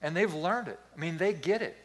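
A man in his fifties preaching a sermon as pastor, telling stories in an animated, playful way. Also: on the high side, brisk.

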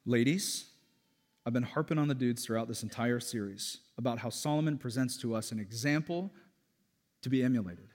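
A man preaching a sermon as pastor, animated and joking, with loud emphatic peaks. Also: mid-range voice, moderate pace. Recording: long hall reverb.

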